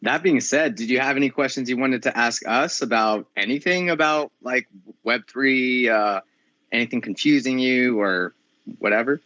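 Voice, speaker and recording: Bright-voiced man hosting a casual chat. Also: mid-range voice, normal speed, no room sound, muffled recording. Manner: encouraging, chatty, uses many fillers. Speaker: host of community audio space. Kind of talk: casual audio chat room talk.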